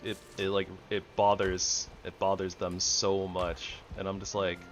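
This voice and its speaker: Low-voiced laid-back young man gaming. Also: monotone, a little slow, soft background music. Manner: rambling, laid-back, chuckles often. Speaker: gaming streamer. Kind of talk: casual gameplay chat.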